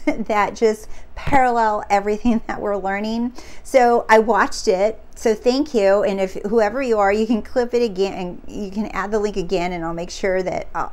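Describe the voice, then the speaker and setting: A woman coaching her viewers in a casual, earnest spiritual talk that repeats itself and gets excitable. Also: mid-range voice. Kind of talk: casual teaching monologue.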